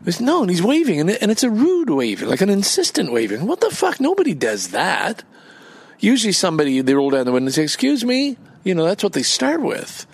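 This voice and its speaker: A man with a gravelly, husky voice talks off the cuff outdoors in a park. His pitch swings widely as he rambles, curses and turns indignant. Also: huge pitch swings, fast, hardly any pauses, darkish tone, no echo. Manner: rambling and profane, flaring up when indignant. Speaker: vlogger. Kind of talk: casual rambling monologue.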